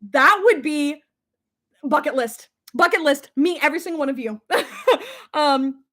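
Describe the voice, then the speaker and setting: Stuffy-nosed female streamer in her thirties, bright high voice, chatty and prone to laughter. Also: a little slow. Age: 30s. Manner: giggly, breaks into high shrieking laughter. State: stuffy, congested head. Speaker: livestream host reading viewer comments. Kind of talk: casual live chat.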